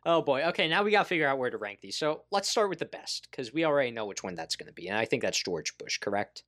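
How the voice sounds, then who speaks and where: Male podcast co-host, casual sports banter, animated, laughs a lot. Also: mid-range voice, fast.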